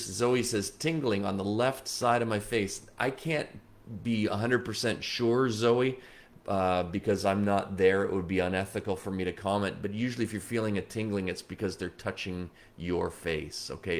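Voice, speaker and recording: A psychic medium runs a late-night livestream from his computer indoors, working through viewers' comments. His voice is gravelly and on the low side, shifting from quiet, unhurried musing to bursts of excited talk.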